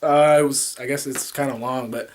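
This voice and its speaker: Man rambling through an animated story. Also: medium pitch, normal speed, slight background noise. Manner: animated, rambling, with sound effects. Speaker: vlogger. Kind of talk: casual storytelling to camera.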